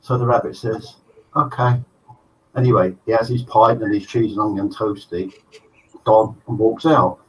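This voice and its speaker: Animated joke-telling man, distant mic. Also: lowish voice, moderate pace. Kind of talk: live show chat, joke telling. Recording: distant mic, faint noise.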